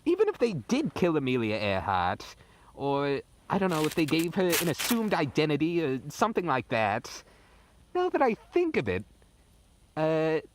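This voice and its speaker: This is a comedic outdoor vlog: a young man in the snowy woods at night rambles into his phone camera. He plays it mock-dramatic, his pitch swinging wildly.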